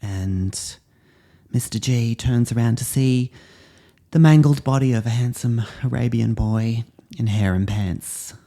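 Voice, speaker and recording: Rambling, self-important drama teacher. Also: male voice, mid-range voice, a little slow, mellow. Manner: self-important, rambling, full of ums and asides. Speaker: drama teacher character hosting a comedy podcast. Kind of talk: scripted comedy monologue in character.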